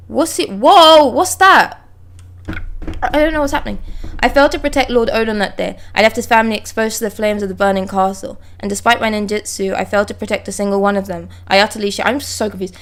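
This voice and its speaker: A young woman streaming live, reading manga dialogue aloud and breaking off to react with excited exclamations and swearing. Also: medium pitch, quick pace.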